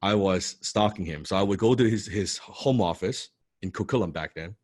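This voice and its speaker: A man telling a personal story to an audience, excitable and swearing freely, full of restarts and "right?" tags. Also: deep voice, normal speed, husky, no room sound, clean studio sound. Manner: restarts and repeats words often. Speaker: motivational speaker telling his story. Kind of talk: animated storytelling talk.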